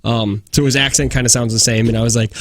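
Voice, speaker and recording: A man's voice: medium pitch, fast talker, a little hiss or hum. A man co-hosting a radio show in a studio, bantering and joking with his partner. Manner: joking, bantering, deadpan refusals. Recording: dry studio sound.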